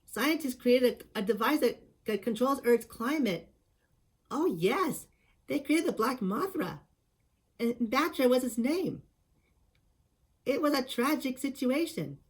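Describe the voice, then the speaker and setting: A man voicing a pair of tiny, innocent fairy women in a soft, breathy, high girlish voice, drawing out the vowels gently. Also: animated, full character voice. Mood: gentle. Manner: slow and gentle, airy vowels.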